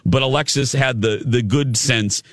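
A man telling a story in casual conversation, lively, with frequent restarts. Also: mid-range voice, normal speed, no echo, clean studio sound. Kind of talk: casual anecdote.

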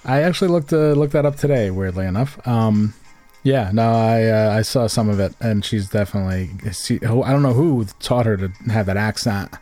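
A man's voice: on the low side, fairly quick, mellow, soft background music. A young man, co-hosting a casual podcast chat, rambling and joking and slipping into put-on local voices. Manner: rambling, jokey, slips into put-on regional voices. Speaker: podcast co-host.

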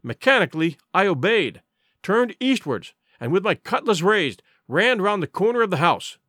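A man's voice: high voice, sing-song, moderate pace, pushed and bright, no room sound, clean studio sound. A man narrating an adventure audiobook in a vivid, dramatic storytelling manner.

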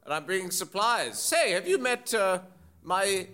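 Man voicing old groundskeeper NPC, chatty and high-pitched, slow friendly drawl. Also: very animated, pushed and bright, full character voice.

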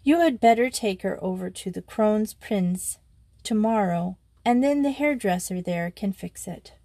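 A woman reader voicing a calm, practical young headmistress who speaks in a matter-of-fact way. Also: mid-range voice, a little slow, creaky, no echo.

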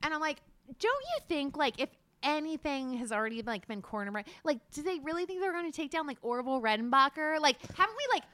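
High, lively woman chatting. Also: fast, few pauses, no echo. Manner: animated, swears freely, many likes. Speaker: guest. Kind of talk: casual podcast chat.

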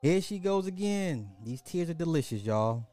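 A man's voice: a little high, animated, normal speed, warm tone, dry recording, faint music behind. A man hosting a podcast of social commentary, telling a story in a casual, profane, mocking way and repeating phrases for effect. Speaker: podcast host.

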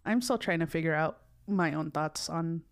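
Chatty woman, rambling and low-pitched. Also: normal speed, smooth. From United States. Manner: rambling, self-interrupting, many fillers. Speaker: podcast co-host. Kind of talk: casual conversation.

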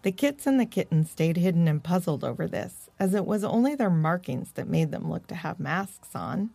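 A woman narrating a children's storybook in a gentle, measured way. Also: lowish voice, animated, gravelly, no echo.

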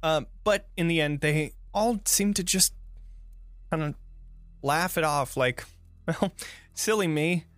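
A man's voice: fairly high pitch, no echo, faint music behind. Man narrating as game master. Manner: relaxed, halting narration with fillers.

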